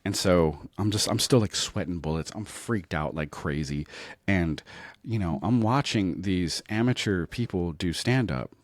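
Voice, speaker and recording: Deep-voiced man telling a comic story. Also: measured pace, no echo. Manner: animated, self-mocking, keeps checking in with "right?". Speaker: comedian and podcast host.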